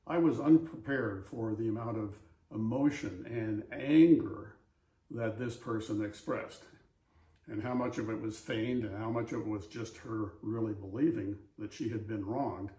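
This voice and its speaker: A man's voice: on the low side, measured pace, mellow, reverberant, low-quality recording. An older man from Southern California who tells anecdotes in an easygoing, wry, anecdotal way and reads a passage aloud for a voice-over audition. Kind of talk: casual storytelling and read-aloud passage.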